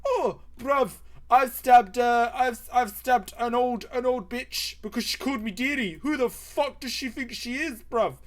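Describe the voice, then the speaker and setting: A loud, high-pitched young chav lad, all slang and swearing, as a man puts him on. He is an aggressive knife-carrying thug and sounds punchy and brash. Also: a little slow, hardly any pauses. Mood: boastful.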